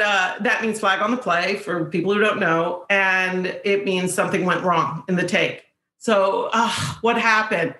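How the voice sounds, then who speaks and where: Bright-voiced woman telling a set story. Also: medium pitch, reverberant, low-quality recording. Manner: fast storytelling with quoted voices. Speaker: actress guest. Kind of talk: animated anecdote.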